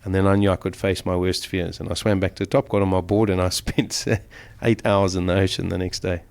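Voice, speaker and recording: Middle-aged guy telling his sea survival story, lowish voice, gets emotional. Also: level tone, brisk, vocal fry, darkish tone. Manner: emotional, vivid retelling of a survival ordeal. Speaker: interview guest. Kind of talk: storytelling in an interview.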